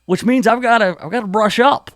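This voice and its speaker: High-voiced wisecracking radio host, dry studio sound. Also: male voice, fairly quick, dry recording. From Memphis area. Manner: wisecracking, puts on hammy country DJ voices. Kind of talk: joking radio banter. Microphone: studio mic.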